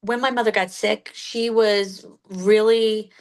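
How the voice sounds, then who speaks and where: A middle-aged woman in casual conversation as the guest of a reading, emotional and quick to laugh. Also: mid-range voice, fairly even intonation.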